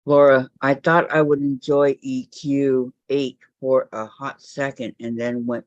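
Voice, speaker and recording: A woman's voice: very deep voice, little pitch movement, a little slow, hardly any pauses, a little mellow, no echo. A woman quilter on a video call, chatty, reading messages from the chat aloud. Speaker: quilter in an online group chat. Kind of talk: casual chat. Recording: muffled video-call audio.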